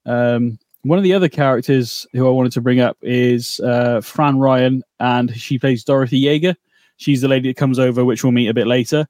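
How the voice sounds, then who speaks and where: A man co-hosts a podcast in casual chat, rambling and bantering with mock outrage. His voice is medium-pitched and darkish, with fairly even intonation and a normal pace. The recording is dry and clean, with studio quality.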